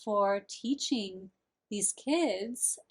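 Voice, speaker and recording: A woman podcast host who speaks at an unhurried pace. She agrees readily with her guest and asks thoughtful follow-up questions. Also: mid-range voice, breathy edge. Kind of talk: casual interview talk.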